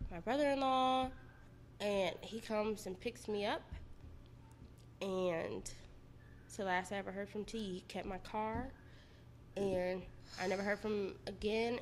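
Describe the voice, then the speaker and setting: A woman's voice: mid-range voice, slight background noise. A woman telling her own story bluntly. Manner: candid, blunt and profane. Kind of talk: casual personal storytelling.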